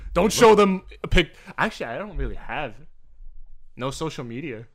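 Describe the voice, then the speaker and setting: A man's voice: on the high side, big pitch swings, measured pace. A young man co-hosting a podcast, rambling casually with many fillers and frequent laughter. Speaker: podcast co-host. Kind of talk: casual chat.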